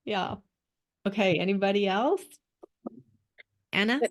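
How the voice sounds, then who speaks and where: A woman's voice: mid-range voice, unhurried. Encouraging woman coaching a group call. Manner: encouraging, laughs often. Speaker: course coach.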